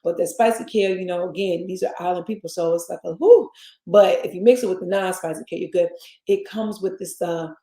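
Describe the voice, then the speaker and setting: Southern woman host, casual and rambling, warm tone, roomy sound. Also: fairly low pitch, a little fast. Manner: chatty, addresses listeners as y'all, rambling asides. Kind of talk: casual chat. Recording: echoey room.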